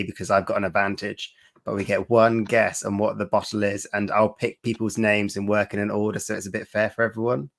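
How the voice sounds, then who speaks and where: Lower-voiced man, relaxed stream host on a video call, explaining a game. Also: creaky. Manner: relaxed, explains game rules with small laughs. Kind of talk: hosting a live stream chat.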